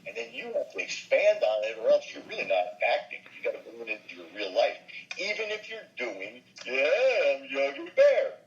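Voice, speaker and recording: Brisk and creaky at medium pitch, an older voice actor and comedian animatedly trades show-business anecdotes in an interview, shifting into character voices. The sound is lo-fi.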